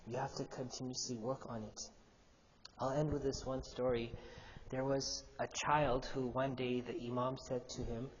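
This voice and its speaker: A man's voice: mid-range voice, flat delivery, normal speed. A male imam giving a youth sermon in a mosque hall. He tells a story with animation and asks the audience questions. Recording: dull, echoey hall recording with faint hum.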